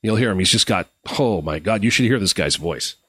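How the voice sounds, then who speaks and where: A middle-aged Canadian man hosts a live stream, his deep voice expressive, brisk, a bit bright and slightly rough in a dry recording. He tells friendly, rambling anecdotes packed with fillers and restarts.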